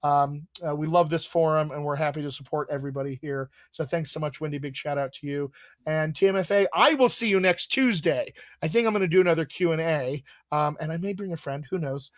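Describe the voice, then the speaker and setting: A man hosts a live online Q&A as a dialect coach, talking in an upbeat, chatty way with plenty of ums and uhs. His voice sits a little high. The sound is dry and close, with no room echo. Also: brisk. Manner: upbeat, chatty sign-off with frequent fillers. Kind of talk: live video Q&A chat. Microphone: video call.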